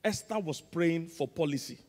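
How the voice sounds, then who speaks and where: A man with a Nigerian accent, a pastor preaching a sermon with emphatic call-and-response, swinging between loud and soft. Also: on the high side, expressive, normal speed, long reverb tail. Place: large church auditorium.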